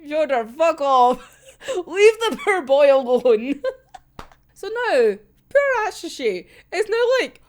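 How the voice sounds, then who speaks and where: A woman's voice: high voice, sing-song, takes it slowly. A young woman chatting casually about a manga chapter, swearing a lot and laughing often. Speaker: manga reaction vlogger. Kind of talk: casual chat.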